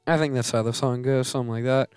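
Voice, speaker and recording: A man's voice: mid-range voice, steady tone, quick pace, darkish tone, smooth, no room sound, clean studio sound, soft background music. A man hosting a game let's play, giving casual commentary that turns into melodramatic grumbling and self-mocking rants.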